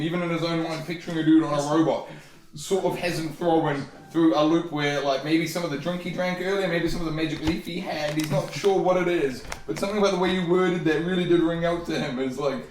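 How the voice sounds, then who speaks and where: A man's voice: on the high side, steady tone, brisk, a little mellow. A man narrating a tabletop game as game master, rambling and hesitant, with many fillers. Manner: rambling and hesitant, full of "sort of" and "like". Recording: roomy, from far off.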